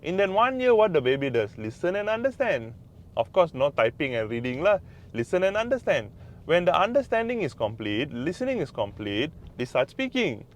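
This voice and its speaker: A man's voice: fairly high pitch, very animated, moderate pace, a little hiss or hum. A man with a Malaysian English accent, a Mandarin teacher giving casual tips, emphatic and repetitive. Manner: emphatic, repeats phrases, mixes in Malay words. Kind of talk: casual language tips to camera.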